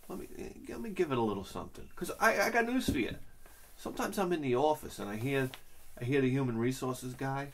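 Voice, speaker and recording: A man's voice: medium pitch, expressive, a little fast. A man talking casually on camera, rambling from one joke to the next with a loose, off-the-cuff delivery. He swears freely and sounds like he is chatting with his viewers. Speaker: channel host. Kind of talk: casual comedic rant.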